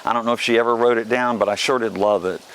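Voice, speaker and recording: A man's voice: medium pitch, fairly even intonation, fast, a bit bright, clear, resonant tone. A man from the South Carolina coast, chatting casually and joking as a video host, with a faint hum behind him. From South Carolina Lowcountry. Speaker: vlog host. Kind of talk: casual talk to camera. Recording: faint background noise.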